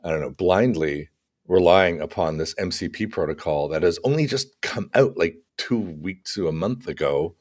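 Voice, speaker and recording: A man co-hosting a casual tech podcast, talking through examples in an animated way with acted-out asides. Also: low-pitched, moderate pace. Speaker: podcast co-host.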